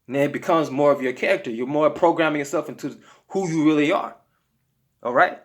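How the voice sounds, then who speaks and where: Male health vlogger, slightly high voice, emphatic and slangy, talking straight to camera. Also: fairly quick. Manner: emphatic, slangy, repeats "okay?" to check in. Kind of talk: casual motivational talk to camera.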